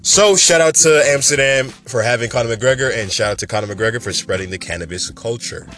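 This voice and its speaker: A man hosting a casual cannabis news show, talking in an animated, chatty and emphatic way. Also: medium pitch, fairly quick, faint music behind.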